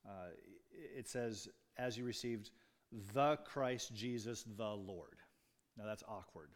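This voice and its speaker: A man preaching a sermon as a pastor, explaining scripture in an earnest, emphatic way. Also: medium pitch. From United States.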